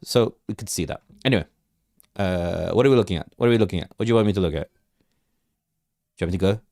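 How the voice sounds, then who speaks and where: Rambling crypto livestream host, low dry voice. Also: male voice, fast, creaky, dark tone, no room sound. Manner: rambling, repeats words, asks chat for questions. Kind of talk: casual live market commentary.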